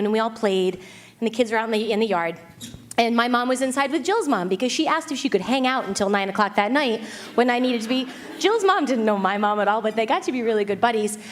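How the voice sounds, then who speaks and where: A woman in her thirties giving an animated, self-mocking talk to a live audience, with quick asides to the crowd. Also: fairly high pitch. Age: 30s. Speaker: speaker.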